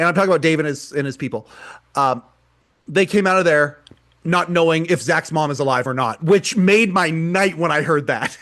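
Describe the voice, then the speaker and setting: Guy on a podcast going on and on about a show he saw, kinda high-pitched, lots of repeated words. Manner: rambling, repeats words, animated retelling. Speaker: podcast co-host. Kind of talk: casual chat, retelling a live show.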